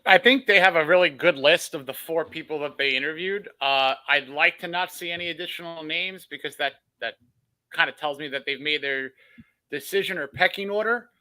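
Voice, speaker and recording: A man's voice: on the high side, brisk, sharp tone, rough recording. A man co-hosting a sports podcast, laying out his opinions in an analytical, hedging way. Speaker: podcast co-host. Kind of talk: casual sports podcast chat.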